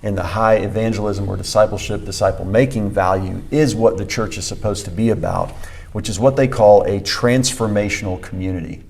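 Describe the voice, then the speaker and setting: This church podcast co-host, a pastor, speaks briskly in a low, creaky, darkish voice. His teaching is conversational and emphatic, marked by repeated key phrases and plenty of fillers.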